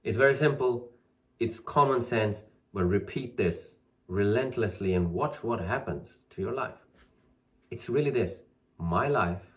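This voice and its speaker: Low-voiced man repeating affirmations. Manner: encouraging, repeats affirmations with rising emphasis. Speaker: channel host teaching spiritual practice. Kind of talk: casual spiritual talk.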